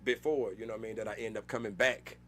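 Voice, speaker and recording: Guy comedian telling road stories, slangy, loud bursts, bright tense voice. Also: on the low side, quick pace, slight background noise. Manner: animated storyteller, slangy, bursts into loud laughing retellings. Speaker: comedian guest. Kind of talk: casual storytelling interview.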